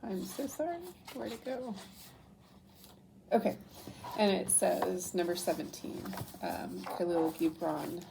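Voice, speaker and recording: A woman's voice: lowish voice, a little slow, gravelly, dark tone, slight background noise, poor audio. A young woman doing a casual tarot reading and reading aloud from a book, often getting emotional, laughing and apologizing as she goes. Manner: emotional, laughs through tears, many apologies. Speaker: tarot reader.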